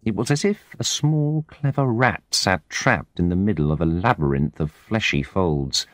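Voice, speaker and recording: A man narrating an English-learner audiobook in a measured, expressive storytelling manner. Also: low-pitched, dry recording, clean studio sound. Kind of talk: scripted narration of a graded reader.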